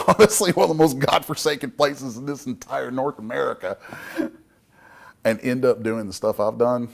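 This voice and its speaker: Emphatic folksy man, lowish voice. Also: gravelly. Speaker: guest speaker, comic book creator. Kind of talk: talk at a public event.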